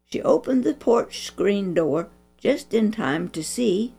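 Expressive woman reading a Bible story. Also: medium pitch, takes it slowly, gravelly, breathy edge, faint music behind. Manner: expressive, preachy. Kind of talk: Christian children's story reading.

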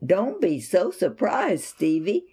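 A kind, devout mother from a storybook, voiced by a woman reader, talking in a soft, mellow, motherly way. She speaks unhurriedly and soothingly, with a calm and steady faith. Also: fairly low pitch, slow, slightly rough, heavily acted. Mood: gentle, reassuring.

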